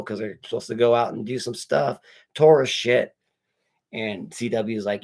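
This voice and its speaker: A man's voice: lowish voice, a little slow. A man casually recapping a horror movie with spoilers while unboxing comics, rambling and swearing as he quotes the characters. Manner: rambling, profane storytelling with quoted dialogue. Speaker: movie reviewer.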